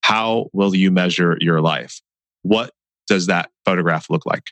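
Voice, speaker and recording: A man hosting a podcast, asking questions in a halting way with many fillers and restarts. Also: sits low, a bit bright, no echo. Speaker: podcast host. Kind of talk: hosted interview and outro.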